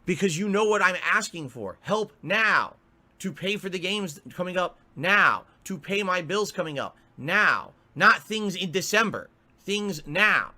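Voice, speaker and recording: A man's voice: high voice, animated, unhurried, pushed and bright. A male streamer in an angry, profane rant, exasperated and repeating himself.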